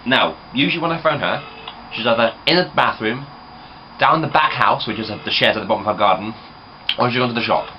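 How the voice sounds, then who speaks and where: A man's voice: medium pitch, fairly quick. A young man from England, chatting casually and rambling to camera. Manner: chatty, rambling, many fillers. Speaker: vlogger. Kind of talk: casual vlog chat. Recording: dull camera audio with background noise.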